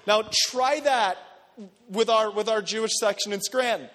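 A man pastor preaching a sermon in a church, animated and conversational, acting out quotes as he goes. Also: high-pitched, moderate pace, in a large hall. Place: church sanctuary.

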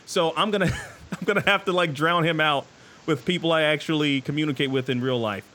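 Bright-voiced, excitable male podcast host. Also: on the high side, fairly quick. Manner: excitable, joking, stumbling restarts. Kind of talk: casual live show chat. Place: studio.

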